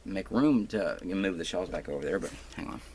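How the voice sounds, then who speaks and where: Man, home crafting vlogger, low voice, rambling and self-mocking, noticeable background noise. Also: lively intonation, normal speed, darkish tone. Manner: rambling, full of fillers and restarts; self-deprecating. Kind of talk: casual rambling vlog. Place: room at home. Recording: noisy home recording.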